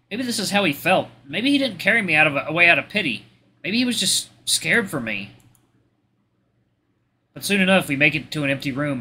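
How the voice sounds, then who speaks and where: A man reading a visual novel aloud in expressive first-person narration, stumbling now and then. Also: on the high side, a little hiss or hum. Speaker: let's play host.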